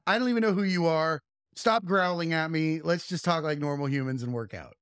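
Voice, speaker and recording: A man's voice: a little high, fairly quick, fairly bright tone, smooth, no room sound, clean studio sound. A young man hosting a podcast in casual chat, loose and jokey, often slipping into silly voices. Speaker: podcast host.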